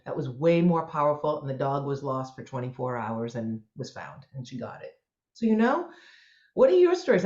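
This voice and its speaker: A woman co-hosting a podcast as a mindset coach, telling stories in an enthusiastic, motivational way. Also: low voice. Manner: enthusiastic, motivational, animated storytelling. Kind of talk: casual podcast chat. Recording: roomy, dull lo-fi sound.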